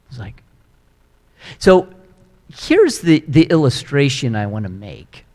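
Guy preaching, storytelling, kinda high voice, big echoey hall. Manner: storytelling, animated and emphatic. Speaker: pastor. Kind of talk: sermon.

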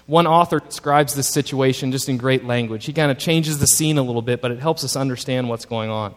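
A man's voice: mid-range voice, a little fast. A male pastor preaching a sermon, emphatic and stretching key words as he builds lists. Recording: long hall reverb.

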